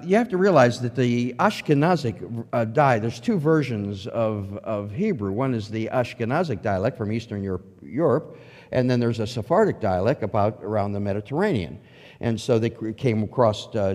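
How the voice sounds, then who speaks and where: A man telling a humorous personal faith testimony, acting out the quotes as he goes. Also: medium pitch. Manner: animated storytelling with acted-out quotes. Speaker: testimony speaker. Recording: long hall reverb.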